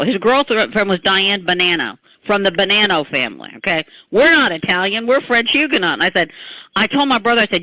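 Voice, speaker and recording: An older woman scientist, an interview guest telling how she invented a product, emphatic and animated, laughing and tossing in "okay?". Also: mid-range voice, moderate pace, no echo, low-quality recording.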